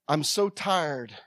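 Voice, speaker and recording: Fervent woman preacher, shouting then hushed. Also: sits low, no echo, studio quality. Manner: fervent, swings between loud shouting and quiet asides. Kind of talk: sermon.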